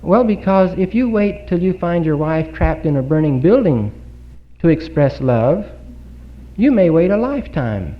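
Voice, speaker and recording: A man giving a Bible talk in a congregation hall, earnest and full of rhetorical questions and pauses. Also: a little high, very animated. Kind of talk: sermon. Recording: dull lo-fi 1950s recording.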